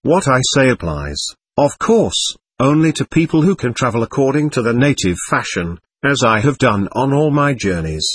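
Husky male audiobook reader. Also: medium pitch, very animated, moderate pace. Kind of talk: scripted narration of a travel memoir.

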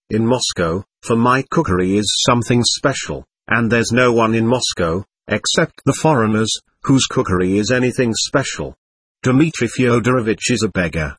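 A man's voice: medium pitch, a bit bright, husky, dry recording. A man reading the part of a sullen, scornful young male servant who speaks in a curt, resentful way, in an audiobook.

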